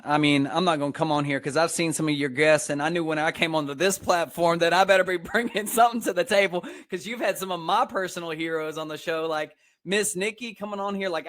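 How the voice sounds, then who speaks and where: Podcast guest: young Texan man, upbeat and preachy, slightly raised pitch. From Texas. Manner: energetic, preachy, laughs often. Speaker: podcast guest, speaker and personal trainer. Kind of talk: casual podcast interview.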